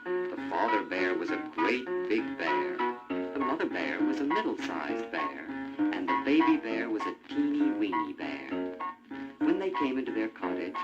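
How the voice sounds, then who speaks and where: A man narrating a storybook in an animated, expressive way. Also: on the low side, measured pace. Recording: muffled old vinyl with music.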